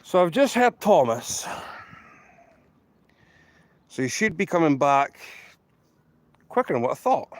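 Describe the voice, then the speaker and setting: A man's voice: a little high, very animated, unhurried, long pauses, no room sound. A Scottish man chatting casually to viewers on a live stream by a railway line outdoors, rambling and emphatic and repeating himself, into a handheld camera. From Scotland. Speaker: trainspotting livestreamer.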